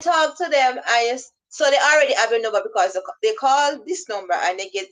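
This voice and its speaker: A woman talks casually and loosely, circling back on her points and slipping into quoted dialogue as she plays both the caller and the person answering. Her voice sits a little higher than usual for a woman. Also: fast, a bit bright, poor audio. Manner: rambling, acts out both sides of calls in quoted dialogue. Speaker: vlogger giving scam-awareness advice. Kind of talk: casual instructional talk.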